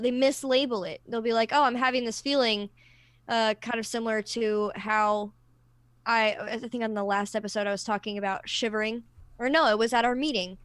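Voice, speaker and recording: A woman's voice: on the high side, fairly bright tone, no echo. A woman co-hosting a casual panel discussion, explaining ideas thoughtfully with personal examples and frequent restarts. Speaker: co-host of a discussion livestream.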